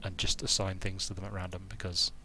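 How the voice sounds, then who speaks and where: Sitting low yet bright and forceful, his voice has a flat delivery and a quick pace. The young game designer streams a strategy game from a hot room at home, rambling casually, thinking aloud and interrupting himself often.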